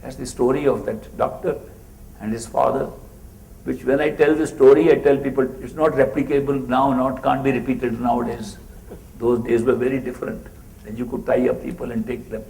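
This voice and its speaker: A spiritual teacher tells a story in a mellow, warm male voice and acts out the people in it with animation. He speaks in a hall with a roomy echo around him. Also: mid-range voice, little pitch movement, normal speed, gravelly. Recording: roomy echoey room.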